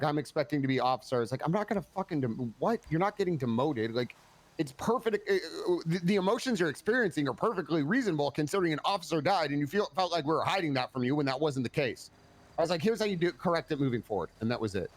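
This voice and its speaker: A man's voice: a little high, lively intonation, quick pace. A tired man playing a police commander in a game roleplay, telling a long story in a rambling way, swearing and restarting often. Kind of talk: in-character roleplay chat.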